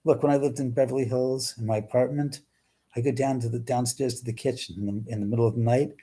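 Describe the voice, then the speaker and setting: Speaking fast in a steady, warm, husky mid-range voice, this livestream host chats casually with his viewers from home. He answers their questions, exclaims often, and swears without holding back.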